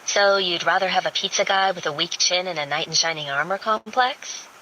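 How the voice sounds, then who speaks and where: A woman voicing a gentle, heartsick young woman who speaks softly and placatingly. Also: lowish voice, a little fast, a little hiss or hum, low-quality recording. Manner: soft, placating.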